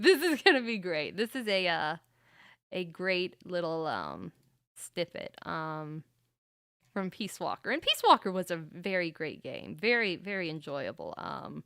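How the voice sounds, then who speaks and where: A woman's voice: lowish voice, a bit bright, smooth, no echo, studio quality. A woman chatting casually on a livestream, rambling about games with frequent laughs. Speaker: streamer.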